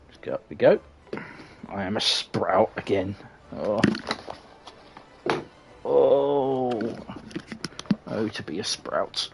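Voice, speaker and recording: Low-voiced man muttering over gameplay. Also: expressive, slow pace, creaky, pauses often, a little hiss or hum. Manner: mutters asides to himself, casual and wry. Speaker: game streamer. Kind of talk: casual gameplay commentary.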